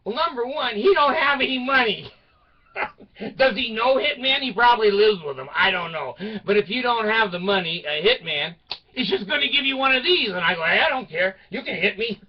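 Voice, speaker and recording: An older man telling a rambling personal story to his channel, laughing at his own jokes and swinging between loud outbursts and mutters. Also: very high voice, expressive, moderate pace, muffled recording. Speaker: video channel host.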